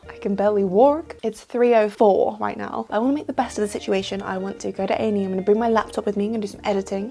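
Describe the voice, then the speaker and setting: A British woman in her twenties, a vlogger, talks to the camera in a casual video, tired after little sleep. Her medium-pitched voice is mellow, and she's chatty and self-mocking, jumping from topic to topic.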